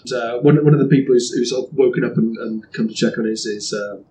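A man narrating as game master of a tabletop game, rambling with many pauses and fillers. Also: mid-range voice, dark tone, slight background noise. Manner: rambling, hesitant, laughs often.

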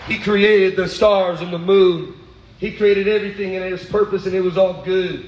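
Male preacher, high voice, echoey room, animated sermon, swings from low asides to high exclaiming. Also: normal speed, highs cut off.

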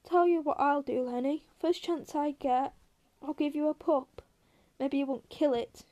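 A woman reading aloud, voicing a gruff, weary ranch hand who scolds his friend. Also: sits high, measured pace, warm tone.

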